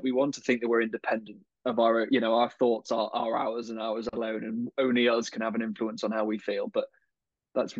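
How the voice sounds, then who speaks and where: A man's voice: medium pitch, dry recording. A man speaking as a coaching guest on a podcast, thoughtful, often repeating words as he finds his phrasing. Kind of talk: conversational podcast interview. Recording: dull, slightly lo-fi dry sound.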